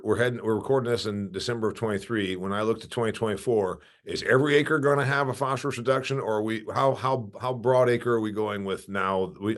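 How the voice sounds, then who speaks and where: A man with a somewhat low voice hosts a farm podcast. He speaks in an animated, unscripted way and keeps restarting his sentences. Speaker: podcast host. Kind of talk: casual interview.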